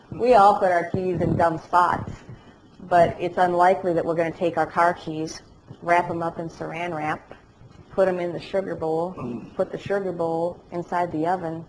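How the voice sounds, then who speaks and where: Woman teaching a class, lowish voice, tells funny stories, lively. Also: moderate pace, slight background noise, low-quality recording. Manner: animated storytelling with jokes. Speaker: dementia care educator. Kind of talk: lecture to a class, also telecast. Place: classroom or lecture hall.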